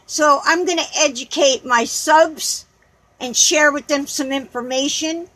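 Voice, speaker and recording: A woman's voice: sits high, a little slow, bright, forceful tone, low-quality recording. A woman vlogger in an angry rant, combative, sarcastic and swearing as she reads out and answers comments.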